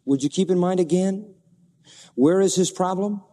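A man's voice: high voice, normal speed, warm tone, long reverb tail. A man preaching a sermon, asking the congregation rhetorical questions and reading scripture aloud with dramatic emphasis. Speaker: pastor.

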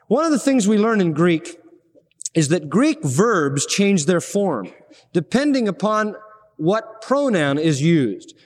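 High-voiced preacher in a reverberant hall. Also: male voice. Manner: emphatic preaching, rising to stress key words. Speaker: pastor. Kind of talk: expository sermon.

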